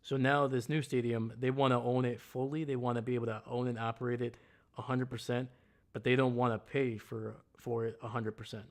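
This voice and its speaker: A man's voice: medium pitch, level tone, a little fast. A man hosting a casual live stream, ranting bluntly and heatedly about sports. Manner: greets chat viewers loudly. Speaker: livestream host.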